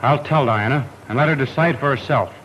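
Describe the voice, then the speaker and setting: A man's voice: mid-range voice, a little fast, slight background noise, natural voice. An actor playing an earnest young man defending his engagement, in 1930s film acting, pleading and stubborn. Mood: defiant. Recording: dull 1930s film soundtrack.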